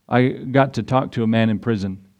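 A man's voice: mid-range voice, normal speed, darkish tone, lo-fi sound. A man preaching a sermon as pastor, retelling scripture in a folksy way and asking his congregation rhetorical questions. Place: church.

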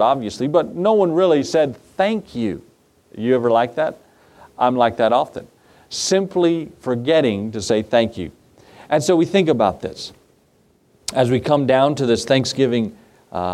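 A pastor with a medium-pitched, darkish voice reads scripture and tells a folksy story during his sermon. He keeps it conversational and acts out the voices of the characters in his story.

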